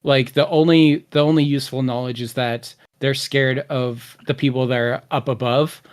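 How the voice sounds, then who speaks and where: A man's voice: mid-range voice, steady tone, normal speed, clean tone. A man narrating as game master of a tabletop role-playing game, rambling with many fillers as he builds scenes.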